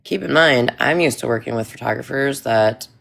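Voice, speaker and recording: A woman's voice: a bass voice, normal speed, vocal fry. A woman telling a long story in casual chat, emphatic and rambling, with many restarts.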